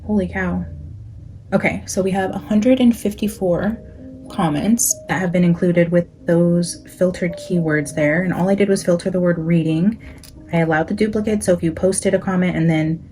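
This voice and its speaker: Woman, Californian accent, lower pitch, mellow tone, casual chatty psychic host, faint background noise. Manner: chatty, talks straight to viewers as "guys". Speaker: psychic tarot reader and channel host. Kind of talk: casual chat with viewers and spoken prayer.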